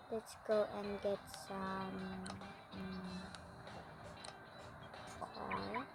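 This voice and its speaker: A woman's voice: medium pitch, level tone, very slow, creaky, long pauses, loud music behind the voice. A young woman chatting casually as a vlogger, often apologizing and exclaiming "oh my gosh.". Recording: loud conversation of people nearby. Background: people talking loudly about work.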